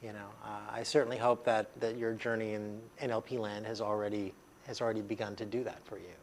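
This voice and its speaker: A man's voice: fairly low pitch, level tone, a little fast, a little hiss or hum. A man teaching a workshop to a group in a training room, conversational and chatty with many fillers. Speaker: NLP trainer.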